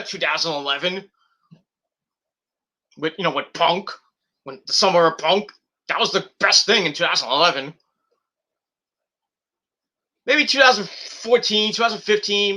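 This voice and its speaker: On his wrestling review channel, a young man delivers a hot, swear-filled rant. His voice is high-pitched, very bright and edgy.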